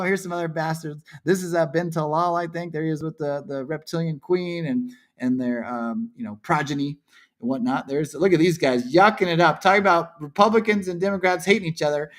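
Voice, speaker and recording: A man hosting a livestream, commenting on shared images and swinging between low muttering and angry yelling, with a lot of swearing. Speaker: livestream co-host.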